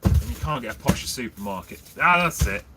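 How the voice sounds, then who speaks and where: Man on a livestream from his food van, lively up-and-down delivery, chatty with viewers, noisy background. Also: mid-range voice, a little fast. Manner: chatty, reads out and answers viewer comments. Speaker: livestream host selling jacket potatoes. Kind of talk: casual livestream chat with viewers.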